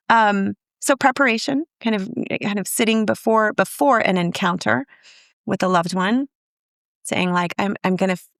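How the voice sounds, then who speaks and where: A woman's voice: mid-range voice, moderate pace, fairly bright tone, dry recording, studio quality. A woman therapist speaking earnestly on a podcast, emotional and given to restarts. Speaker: guest therapist. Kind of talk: podcast conversation.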